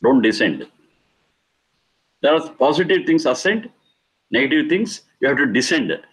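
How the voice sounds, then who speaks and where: A man's voice: mid-range voice, big pitch swings, normal speed, a bit bright, poor audio. A middle-aged man giving a spiritual discourse, stressing and repeating key words and explaining Sanskrit terms. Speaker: Vedic teacher.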